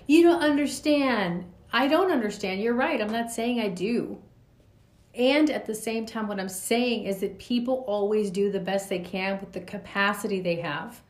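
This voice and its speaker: A woman in her forties hosting a reflective podcast monologue, speaking earnestly with loose spoken asides. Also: mid-range voice. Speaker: podcast host. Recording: echoey room.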